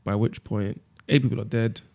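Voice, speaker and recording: A young man hosts a casual podcast chat and presses his co-hosts with steady, persistent questions. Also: lowish voice, moderate pace, creaky. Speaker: podcast host leading discussion.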